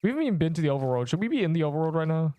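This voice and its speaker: A man's voice: a little high, sing-song, very fast, warm tone, no echo, muffled recording. A young man streaming a video game, chatting casually and rambling to his viewers. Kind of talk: casual live-stream commentary.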